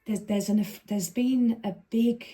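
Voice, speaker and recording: A woman's voice: on the high side, fairly even intonation, measured pace, dark tone, husky, poor audio. A woman giving a casual, chatty tarot reading to camera, talking informally and letting the odd swear word slip. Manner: chatty and informal, with a few stray swear words. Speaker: tarot reader.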